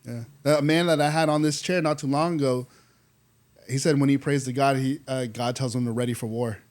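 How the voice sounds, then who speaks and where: A man hosting a faith podcast, chatting casually and retelling a Bible story with lively acted-out quotes. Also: mid-range voice, brisk. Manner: animated storyteller, acts out quoted voices, says "dude" often. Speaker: podcast host.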